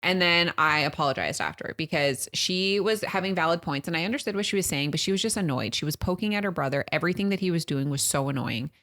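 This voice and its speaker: A woman in her thirties co-hosting a podcast, telling a family story with lively acted-out quotes. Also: on the low side, fast talker, hardly any pauses. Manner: animated storytelling, acts out her kids' and her own quotes. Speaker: podcast co-host. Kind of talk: casual chat.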